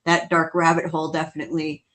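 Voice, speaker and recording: A woman co-hosting a casual podcast, chatty and quick to laugh as she tells stories. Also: sits low. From New Orleans. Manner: chatty, laughs often, quotes others in lively bursts. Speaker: co-host.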